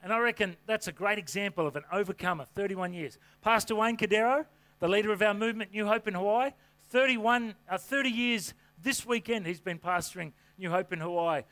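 A man preaching a sermon to a congregation from a church stage, with an energetic, folksy delivery full of rhetorical questions. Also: high-pitched, a little fast. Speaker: pastor.

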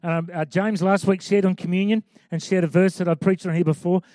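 A man's voice: high-pitched, fairly even intonation, a little fast, dark tone, dry recording, studio quality. A man preaching a sermon as pastor, conversational with emphatic repeated lines.

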